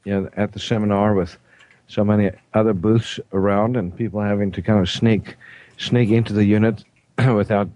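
A South African man hosting a studio talk show, hesitant, with frequent throat clearing and fillers. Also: fairly low pitch, fairly even intonation, moderate pace, mellow, dry recording. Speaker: host. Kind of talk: casual radio talk show.

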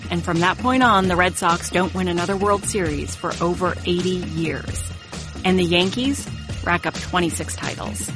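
A woman's voice: on the low side, fairly even intonation, moderate pace, music in the background. A woman from New England narrating a sports documentary podcast in a wry, personal scripted style.

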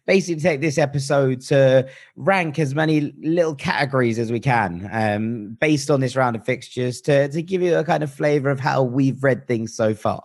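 A man hosts a casual football podcast in a chatty, good-humoured way. His voice sits at a medium pitch, and he trades easy banter with his co-hosts. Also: normal speed. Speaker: podcast host.

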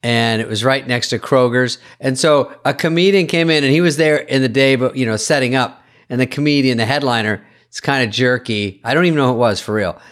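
Man, podcast co-host, casual chat, animated storyteller, mid-pitched voice. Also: a little fast.

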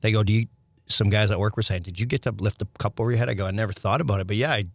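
A middle-aged man, a former hockey player, telling stories as a podcast guest in a rambling, animated way with restarts and some swearing. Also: lowish voice, very fast, gravelly, dry recording. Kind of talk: casual storytelling interview.

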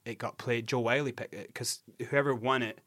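A man's voice: medium pitch, normal speed, no echo. A Scottish man in his forties, an interview guest telling his story candidly, swearing and restarting often. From Scotland. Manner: animated, swearing, many restarts.

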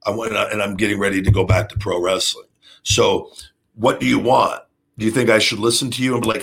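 A man's voice: fairly low pitch, a little fast, creaky, breathy edge. A man hosting his own talk show, a pro wrestler who talks in a brash, profane way and acts out wrestling moves with rising energy. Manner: profane, brash, swears constantly. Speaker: podcast host and pro wrestler. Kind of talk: unscripted solo talk.

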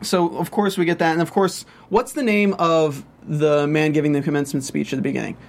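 Animated man recapping an episode. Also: a little high, fairly quick, creaky. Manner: animated, acts out scenes in playful voices. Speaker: podcast host. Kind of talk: casual recap chat.

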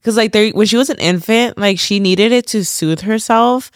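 A woman's voice: mid-range voice, moderate pace, no room sound. Woman co-host, tired and rambling, studio mic with a dry, close sound. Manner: chatty, rambling, says "like" and "girl" a lot. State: tired, half asleep. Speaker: podcast co-host. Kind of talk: casual chat.

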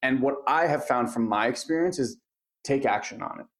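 A man in a casual conversation, earnest and lively, who acts out voices as he explains. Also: mid-range voice, normal speed. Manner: earnest, animated when acting out inner voices.

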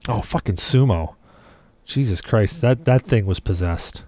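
A man's voice: on the low side, unhurried, warm tone, dry recording. A man co-hosting a casual podcast chat, rambling through stories and swearing freely. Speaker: podcast co-host.

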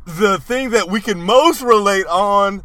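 A man's voice: high-pitched, unhurried, pushed and bright, no room sound. A man in his thirties telling stories in loose, profane podcast chat, laughing as he goes. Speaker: podcast co-host. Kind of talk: casual chat.

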